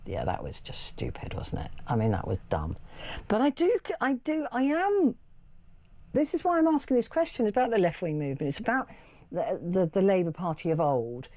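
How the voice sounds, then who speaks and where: A woman's voice: mid-range voice, huge pitch swings, normal speed, mellow. A woman hosting a late-night radio phone-in, thinking aloud with many restarts. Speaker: radio talk show host. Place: radio studio.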